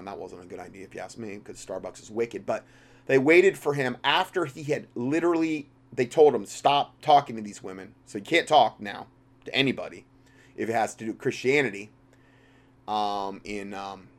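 A man hosting a talk show, giving an impassioned, rambling commentary full of restarts. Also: on the high side. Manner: impassioned, rambling, with frequent restarts and big swings in loudness. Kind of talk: religious political commentary monologue.

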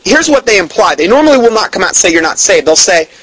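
A man's voice: high voice, sing-song, fast talker, fairly bright tone, husky, no room sound, low-quality recording. A man giving a blunt, emphatic Bible teaching, denouncing other churches and quoting scripture at length. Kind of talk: preaching-style Bible teaching.

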